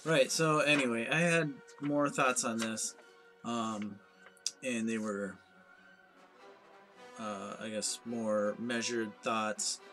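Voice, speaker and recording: A man's voice: mid-range voice, steady tone, slow pace, pauses often, over music. A man ranting in a comedic vlog monologue, anxious, rambling and self-mocking. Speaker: vlogger.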